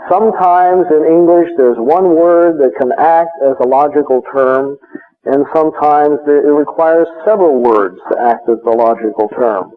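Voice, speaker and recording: A man giving a measured classroom lecture, explaining step by step with frequent hesitations. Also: a little high. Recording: tinny phone-like recording.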